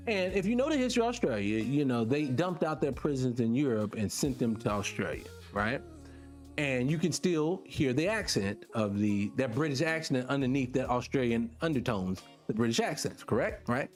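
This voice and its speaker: A man's voice: medium pitch, moderate pace, faint music behind. A man hosting his own video, talking casually to his viewers, calling them y'all and firing off rhetorical questions. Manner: animated, keeps asking rhetorical questions; talks directly to the audience as y'all. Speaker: vlog host.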